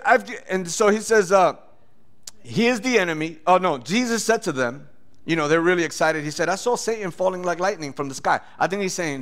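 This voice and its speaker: Male pastor, animated preacher, slightly high voice, loud bursts when acting out voices. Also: a little fast. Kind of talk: sermon with testimony.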